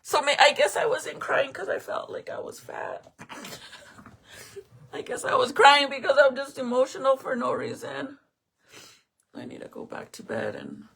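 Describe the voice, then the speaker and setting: Tearful, gravelly woman livestreaming. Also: sits high, very animated, measured pace, long pauses, fairly bright tone. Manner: emotional, tearful, chatty with viewers. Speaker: livestream host. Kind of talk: casual livestream chat.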